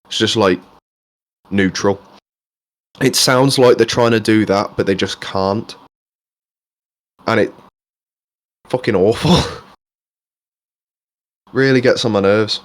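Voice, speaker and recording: A man's voice: fairly low pitch, slow, pauses often. A young man from England co-hosting a podcast in casual chat, rambling and swearing freely with many restarts. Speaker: podcast co-host.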